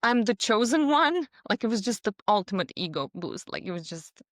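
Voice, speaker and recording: Animated woman storyteller. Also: mid-range voice, normal speed, no echo, studio quality. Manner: animated storytelling with laughs and voiced quotes. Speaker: podcast guest. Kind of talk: casual conversation.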